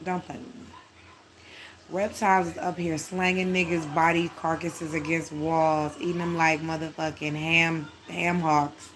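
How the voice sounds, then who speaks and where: A woman telling a story in a casual, animated, profane way, building the drama as she goes. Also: deep voice, a little slow, hardly any pauses, a little hiss or hum.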